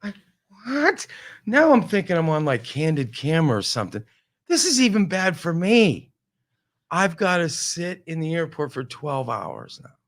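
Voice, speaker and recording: A man telling a casual, animated comic story on a talk show, full of exasperation. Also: a little high, normal speed.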